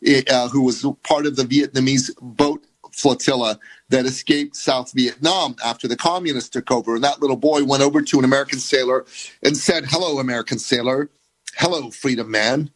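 A man's voice: mid-range voice, fairly even intonation, a little fast, low-quality recording. A man from the Middle East, a guest commentator, speaks in heated, emphatic bursts. He often stumbles and restarts mid-sentence.

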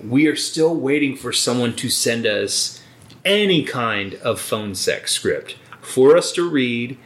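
A man with an ordinary medium-pitched voice, co-hosting a podcast in relaxed, chatty talk. He sounds easygoing and eager and swears often. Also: takes it slowly. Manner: laid-back, enthusiastic, swears freely. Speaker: podcast co-host. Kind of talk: casual chat. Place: indoor recording room.

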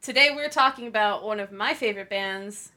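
A young woman with a medium-pitched, fairly quick voice co-hosts a podcast. In casual chat, she tells stories in a giggly, animated way, laughing a lot as she goes.

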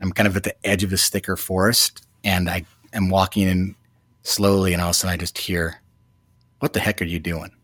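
A man in his thirties, a new father, telling a personal story in a reflective, halting way with many fillers. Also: sits low, little pitch movement, fairly bright tone, no room sound. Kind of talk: casual storytelling.

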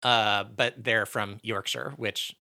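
Playful podcast co-host, bright voice. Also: male voice, on the low side, moderate pace. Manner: playful, self-deprecating, laughs often. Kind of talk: casual chat.

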